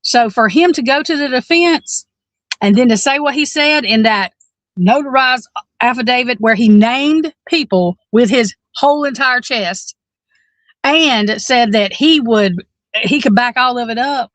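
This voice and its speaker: A woman in her forties talks through a criminal case on a podcast, blunt and worked up, cursing and restarting her thoughts. Her voice sits a little high and the sound is dry and close, with no room around it. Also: measured pace, a bit bright, no echo. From Alabama. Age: 40s. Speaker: podcast co-host. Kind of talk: casual true-crime discussion.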